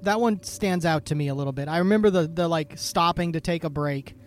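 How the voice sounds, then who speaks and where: A man's voice: fairly high pitch, brisk. A tipsy man co-hosting a podcast in casual chat, hesitant and self-deprecating. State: tipsy from drinking. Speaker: podcast co-host.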